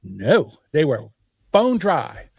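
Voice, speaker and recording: A man's voice: a little high, huge pitch swings, slow, creaky, breathy edge, dry recording, studio quality. A man co-hosting a podcast, sarcastic, profane and rambling in casual chat. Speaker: podcast co-host.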